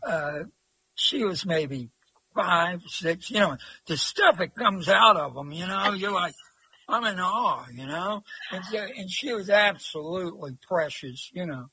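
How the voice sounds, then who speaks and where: Folksy man, interview guest; high, husky voice, dry close sound. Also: expressive, unhurried, bright, forceful tone, no room sound, low-quality recording. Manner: rambling, folksy, many fillers. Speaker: interview guest, long-distance walker. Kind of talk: casual storytelling.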